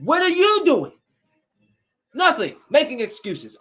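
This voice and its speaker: A man's voice: very high-pitched, very animated, unhurried, pushed and bright. A man hosting a podcast, ranting in a heated, preachy way and scolding his listeners. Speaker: podcast host. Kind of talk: opinionated casual podcast rant.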